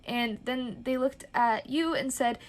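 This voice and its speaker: Woman, high voice, hesitant ums, casual storytelling. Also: a little slow. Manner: hesitant, frequent ums, acts out quoted lines. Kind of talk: casual second-person storytelling.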